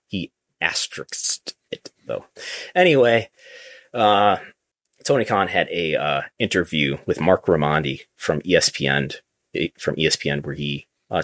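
A man with a deep, low voice co-hosts a casual wrestling news talk. He stammers and restarts as he goes, then fires off strings of questions. The sound is dry and close, with no room around it. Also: a bit bright, no room sound. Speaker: podcast co-host.

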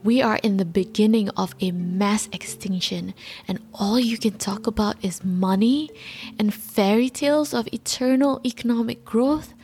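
A woman's voice: medium pitch, moderate pace, soft background music, close to an everyday voice. A woman doing a furious teenage girl activist. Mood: outraged. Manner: loud, impassioned scolding. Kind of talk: dramatic speech impression.

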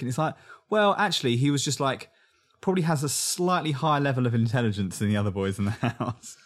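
A young English man co-hosting a casual podcast chat, animated and fond of mocking other people's lines in funny voices. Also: medium pitch, fast talker. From England. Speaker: podcast co-host. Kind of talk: casual chat recapping a reality show.

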